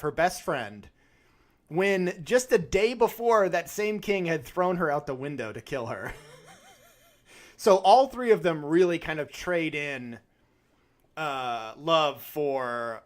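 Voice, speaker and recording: A man co-hosting a podcast, retelling a film in casual chat with animated, acted-out quotes. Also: on the high side. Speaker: podcast co-host.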